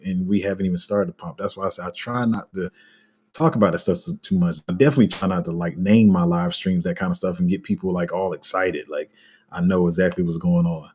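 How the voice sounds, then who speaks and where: Low, husky man ranting casually. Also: steady tone, fast talker, darkish tone. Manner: frank and exasperated, heavy slang, many restarts. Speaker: crypto YouTuber reading live comments. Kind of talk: casual livestream rant.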